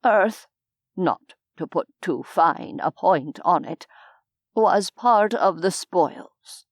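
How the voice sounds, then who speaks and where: A genteel, courteous gentleman who explains things slowly and formally, as a woman narrator voices him. The voice drops a bit lower and softer than her narration, unhurried and calm. The sound is dry and close. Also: no echo, heavily acted. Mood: lecturing. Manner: measured, formal, gently lecturing. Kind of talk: audiobook character voice.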